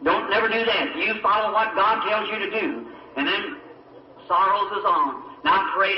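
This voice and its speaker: Male preacher, high voice, fervent testimony sermon; distant muffled archival recording with faint hiss. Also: normal speed. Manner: fervent storytelling, asks the congregation for agreement. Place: church or meeting hall. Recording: old echoey hall recording from afar, dull with faint hiss.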